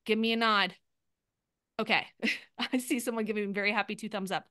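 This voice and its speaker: A woman coaching a group over a video call, upbeat and quick, often acting out sample posts in lively bursts. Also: medium pitch, no room sound, clean studio sound. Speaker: sales coach.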